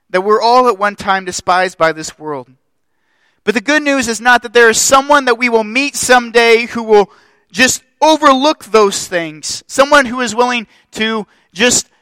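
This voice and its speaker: A man's voice: high-pitched, pushed and bright, clear, resonant tone, no room sound. A young adult man preaching a sermon as pastor, impassioned and building through repeated phrases.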